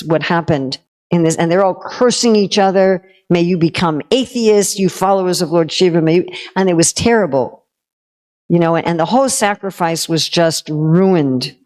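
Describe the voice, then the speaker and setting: A woman with a lower voice giving a devotional talk, telling an old story like she is chatting with friends. She mixes teaching with wry, self-aware humor and quick conversational asides. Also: a little mellow. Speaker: spiritual teacher.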